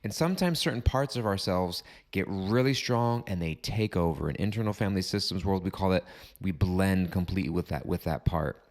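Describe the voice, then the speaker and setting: Man, very low voice, podcast host, calm, deliberate, repeated phrasing, reflective solo talk.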